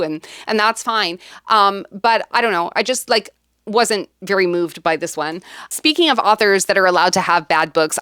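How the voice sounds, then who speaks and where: A woman talks her way through a casual reading vlog, rambling and correcting herself as she goes. Her voice is smooth and clear at a middling pitch. The sound is dry and close. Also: fairly bright tone, dry recording. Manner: rambling, frequent ums and self-corrections. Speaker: book vlogger.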